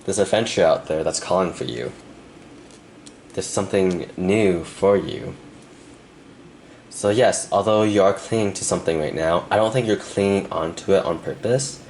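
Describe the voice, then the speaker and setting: Speaking softly and earnestly to the viewer, a young man with a deep, low voice offers a pick-a-card tarot reading. He pauses between thoughts and becomes emotional, close to tears, at times, while a faint hum runs beneath the recording.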